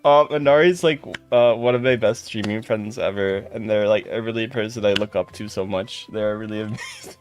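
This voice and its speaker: A livestreamer in casual chat with viewers, warm and thankful, greeting people by name and breaking into giggles. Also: medium pitch, a little fast.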